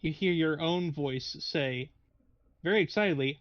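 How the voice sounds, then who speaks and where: A man's voice: a little high, unhurried, no echo, dull audio. A man narrating as game master of a tabletop game in a meandering, hesitant way. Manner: meandering, hesitant, frequent restarts.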